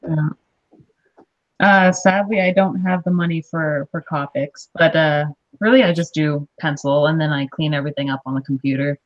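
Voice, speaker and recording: A woman appearing as a guest comic artist on a casual stream, easygoing and quick to laugh. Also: low voice, fairly even intonation, dull audio. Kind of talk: casual live-stream chat.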